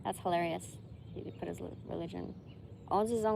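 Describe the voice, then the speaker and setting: A woman's voice: lowish voice, fairly quick, vocal fry, darkish tone, slight background noise. A woman vlogger chatting casually to her viewers, swearing freely and breaking into laughter. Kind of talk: casual chat to camera.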